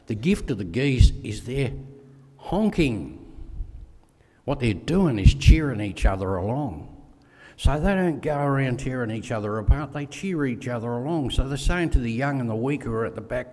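A man's voice: medium pitch, animated, normal speed, mellow, in a large hall. An older Australian man giving a folksy speech with stories, acting out voices in his anecdotes. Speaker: guest speaker.

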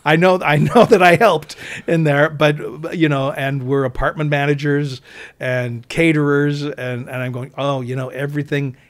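A man's voice: a little high, fairly even intonation, a little slow. A man, an actor guest in an interview, telling a story in a casual, rambling way with many restarts and asides.

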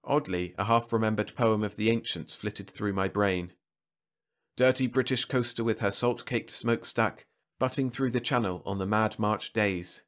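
A man with a low voice reads a science fiction short story aloud. His delivery is measured and dramatic, and each line is paced for listening. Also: a bit bright. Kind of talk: reading sci-fi short stories aloud.

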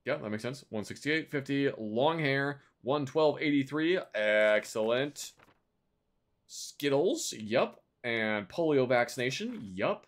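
A man streaming a video game, making sarcastic casual commentary with sudden loud outbursts. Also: medium pitch, lively intonation, slow.

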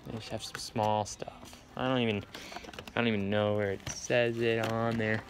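A man's voice: lowish voice, level tone, normal speed, background noise. Joking young man vlogging outdoors. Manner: joking, laughing, swearing. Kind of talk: casual vlog chat. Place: shops and a park at night.

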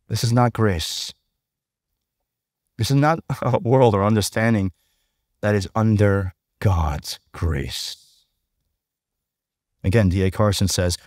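A man's voice: lowish voice, darkish tone, no echo, studio quality. A male pastor preaching a sermon in a conversational way, often checking in with the congregation by asking "right?".

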